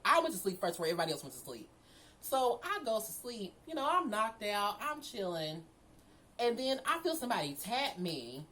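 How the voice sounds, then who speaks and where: A young woman casually telling a story from her own life, animated, full of slang and swearing. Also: medium pitch, low-quality recording.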